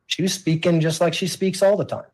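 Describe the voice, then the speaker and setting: A man's voice: high-pitched, little pitch movement, a little fast, darkish tone. Pressing male prosecutor cross-examining. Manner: pointed, pressing questions. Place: courtroom.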